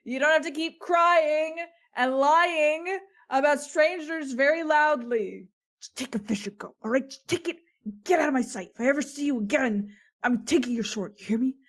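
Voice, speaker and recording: A woman's voice: high-pitched, normal speed, pitched above the performer's own voice, close to an everyday voice. Brief: stammering frazzled grown-up begging a kid to leave, played by a woman. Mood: pleading. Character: frazzled adult bribing a crying kid.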